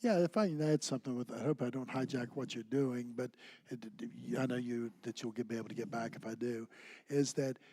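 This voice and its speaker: A man's voice: mid-range voice, a little fast, no room sound. Dry-sounding man telling a family story. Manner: anecdotal, animated storyteller. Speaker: church teacher. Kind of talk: conversational church class talk.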